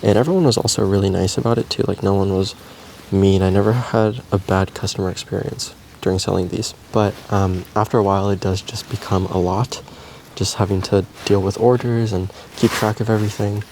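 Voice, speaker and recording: Laid-back low-voiced man chatting. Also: fairly quick, gravelly, a little hiss or hum. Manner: relaxed, meandering, frequent ums and likes. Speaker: plant care vlogger and plant seller. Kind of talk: casual chat while potting plants.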